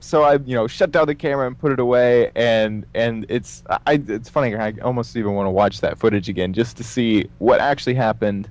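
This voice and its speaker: An animated man tells a story in a relaxed, casual way. He leans on fillers and acts out the voices of the people involved. His pitch sits in a middle range. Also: fairly quick, hardly any pauses. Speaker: guest telling a story.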